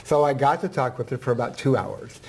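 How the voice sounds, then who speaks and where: Speaking briskly in a mid-range voice with vocal fry and some breathiness, a man who teaches reading shares a moving story on a talk show. He's emotional and tender-hearted, animating the tale by performing the dialogue.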